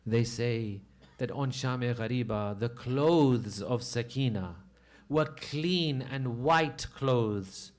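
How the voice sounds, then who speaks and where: A man with a high voice delivers a mournful commemorative sermon. He tells the story with open grief, his voice climbing into a loud, aching lament. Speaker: preacher.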